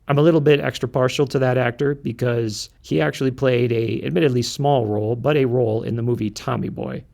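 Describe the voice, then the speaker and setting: Wry measured man hosting a podcast. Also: medium pitch, fairly even intonation, gravelly, darkish tone. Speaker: podcast host. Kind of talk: casual chat.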